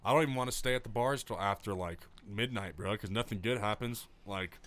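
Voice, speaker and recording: A man from Utah telling profane stories in a casual podcast chat, acting out quotes loudly. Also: fairly low pitch, brisk. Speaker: podcast co-host.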